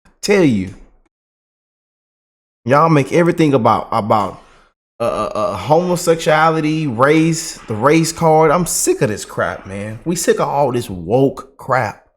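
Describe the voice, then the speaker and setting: A man's voice: mid-range voice, lively intonation, a little slow. A man ranting in a casual, repetitive and colloquial way as a political commentary vlogger.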